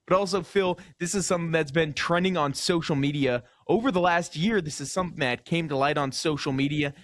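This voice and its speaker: A man with a fairly high voice co-hosts a casual radio sports talk show, recorded dry and close. He brings prepared items, asks questions and hedges his claims. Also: a little fast, dry recording.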